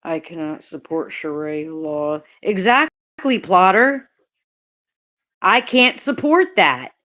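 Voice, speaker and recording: A woman's voice: on the low side, animated, slow, a bit bright. Heated, profane woman live-streamer. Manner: greets chat viewers by name mid-sentence. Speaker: livestreamer. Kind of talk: live-stream chat rant.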